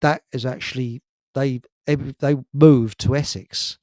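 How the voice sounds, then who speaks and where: This Englishman speaks in a mid-range, slightly mellow voice with fairly even intonation and an unhurried pace, in a Hertfordshire accent. As host of a casual chat, he rambles, chuckles a lot and lets sentences trail off. The studio-quality recording has no room sound.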